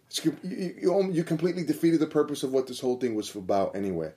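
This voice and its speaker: A man's voice: on the high side, fast talker, mellow. A man who coaches several sports, talking earnestly and reflectively in a casual podcast chat, repeating phrases for emphasis. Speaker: multi-sport coach and guidance counselor.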